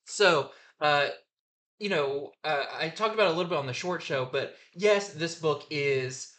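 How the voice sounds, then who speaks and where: Male comic review host, bright tense voice, slightly high, casual rambling enthusiasm. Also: normal speed.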